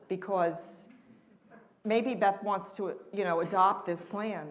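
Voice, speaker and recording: A woman's voice: mid-range voice, fairly even intonation, takes it slowly. A woman doing live character comedy as a therapist, flustered and effusive, rambling with many restarts, on a handheld mic in a temple event hall. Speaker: comic performer playing a therapist at a live event. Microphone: handheld mic on stage. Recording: roomy hall, audience noise and laughter.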